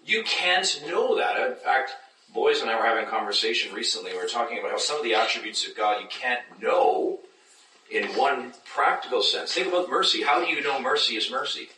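A man preaches a sermon with a bright, lively voice that swings high when he mimics skeptics. He is picked up from a distance in an echoey church hall. A faint room hum sits under his words. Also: a little fast. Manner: animated, acts out skeptics in high mocking voices. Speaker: pastor.

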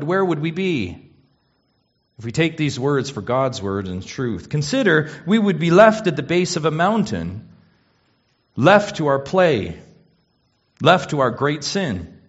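Preaching man, dull lo-fi sound. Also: mid-range voice. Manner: emphatic, rhetorical questions, wide swings between quiet and loud. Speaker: pastor. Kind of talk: expository sermon.

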